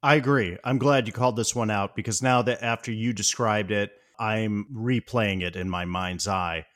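Agreeable low-pitched man chatting. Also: steady tone, normal speed, a bit bright. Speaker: podcast co-host. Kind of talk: casual movie chat.

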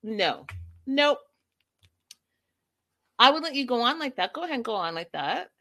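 Animated, sassy woman streamer. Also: fairly high pitch, normal speed. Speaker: livestream host recapping reality TV. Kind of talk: casual live-stream commentary.

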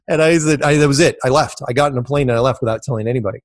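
A middle-aged man telling stories as an interview guest, rambling and repeating himself, jumping high when he quotes others. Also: fairly even intonation, racing, no echo, studio quality. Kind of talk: casual storytelling.

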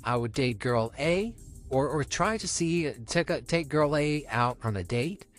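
A man's voice: a little high, lively intonation, measured pace, soft background music. A young man co-hosting a podcast, talking candidly and rambling in casual chat. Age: young adult. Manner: candid, rambling, restarts often. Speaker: podcast co-host.

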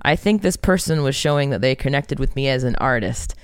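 Smooth-voiced candid woman singer. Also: extremely low pitch, a little fast, no echo, clean studio sound. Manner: candid and expressive, swears freely. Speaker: rock band singer being interviewed. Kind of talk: casual interview conversation.

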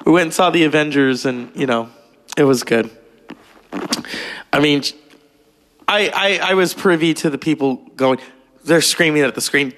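Creaky man rambling and swearing. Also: mid-range voice, moderate pace, fairly bright tone. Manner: gossipy, profane, digressive. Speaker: vlogger. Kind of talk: rambling casual monologue.

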